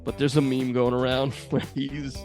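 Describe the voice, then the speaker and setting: A man's voice: mid-range voice, level tone, normal speed, a little mellow, soft background music. A man co-hosting a podcast, chatting casually, joking, laughing often and swearing. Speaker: podcast co-host. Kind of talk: casual chat.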